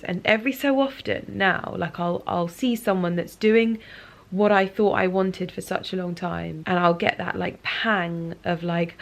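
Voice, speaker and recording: A woman in her thirties speaks in a casual, reflective vlog from her living room sofa late at night. Her voice sits low with a gravelly fry, and she talks softly and confidingly, leaning on "like" as she thinks aloud. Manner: soft, confiding, many "like" fillers. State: emotional, near tears. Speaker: lifestyle vlogger.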